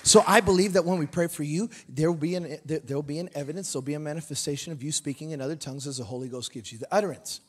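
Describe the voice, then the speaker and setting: Give me a middle-aged man preaching a revival sermon in church, high-voiced and lively, mixing jokes with shouted emphasis. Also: racing, hardly any pauses, some chatter behind. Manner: animated, joking asides, rising to shouted emphasis. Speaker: pastor. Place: church sanctuary.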